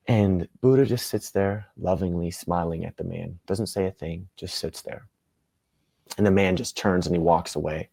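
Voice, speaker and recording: Brief: man in his thirties, very low and mellow voice, dry close sound, animated storyteller. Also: vocal fry, husky, no room sound. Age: 30s. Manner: animated, self-deprecating, laughs often. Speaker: guest. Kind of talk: casual interview storytelling.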